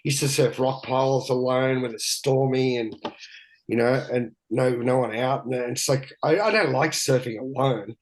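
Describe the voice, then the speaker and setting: A man's voice: mid-range voice, moderate pace, slight background noise, rough recording. A man, a guest telling candid stories in a rambling, profane way with many restarts. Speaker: guest, big-wave surfer. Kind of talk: candid storytelling chat.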